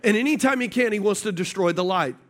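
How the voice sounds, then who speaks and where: A man with a high voice preaches to his congregation, mixing Bible verses with a story from his own working life. He keeps checking in with the room through quick questions and builds toward his points. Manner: storytelling preacher, animated, asks the audience questions. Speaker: pastor. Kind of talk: sermon.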